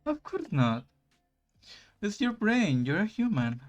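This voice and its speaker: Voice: mid-range voice, wildly swooping pitch, slow pace, soft background music, pitched above the performer's own voice. A streamer voicing a grim reaper in a visual novel, reading his lines with dry, exasperated put-downs. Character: grim reaper, aloof male, blunt and sarcastic. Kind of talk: reading game dialogue aloud.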